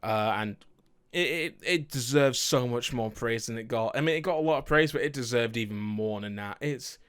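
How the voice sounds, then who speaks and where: A young man talks through his favourite games in a loose, rambling way. He corrects himself mid-sentence and drops the odd swear word. His voice sits at an ordinary middle pitch for a man. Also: moderate pace, a bit bright, clear, resonant tone. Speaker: video game streamer. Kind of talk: casual chat, ranking favourite games.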